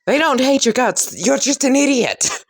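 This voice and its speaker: A man voicing a loud, hot-tempered young student who scolds others in a fan story. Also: extremely high pitch, animated, moderate pace, husky, pitched above the performer's own voice, full character voice. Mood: scolding. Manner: shouty, scolding.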